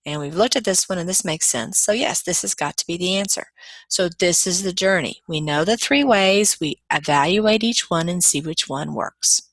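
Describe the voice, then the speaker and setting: A woman lecturer with a low, gravelly voice explains grammar patiently, one step at a time. She is recorded close to the mic, and the sound is dry with no room echo. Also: animated, moderate pace, a bit bright. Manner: patient, walks through examples step by step. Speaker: college lecturer.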